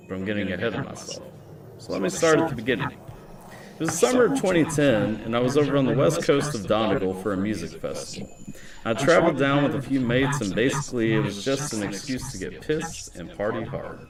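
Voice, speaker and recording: Animated male streamer reading a scary story. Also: medium pitch, a little fast, crowd noise. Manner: chatty, breaks off to talk to viewers. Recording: roomy echo, distant mic, music behind.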